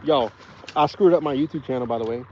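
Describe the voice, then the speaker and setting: Speaking fast in a mellow, medium-pitched voice, this man rambles through stories on a casual live stream from a small fishing boat, frequently correcting himself. The audio sounds muffled, with slight background noise.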